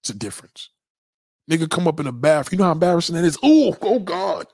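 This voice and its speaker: Male livestream host, crude and lecturing, slightly husky, dry close sound. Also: on the high side, rapid-fire, darkish tone, dry recording. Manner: blunt, crude, lecturing, reads out chat. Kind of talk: profane livestream rant.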